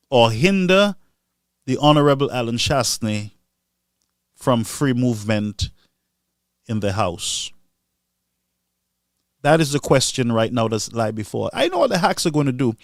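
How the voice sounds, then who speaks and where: A man giving impassioned political commentary on a live stream, animated and mocking, swinging between loud outbursts and low asides. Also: no room sound.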